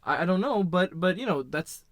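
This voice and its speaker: A man co-hosting a casual sports podcast, talking in a measured way full of you know and right. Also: high-pitched, expressive, no room sound. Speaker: podcast co-host.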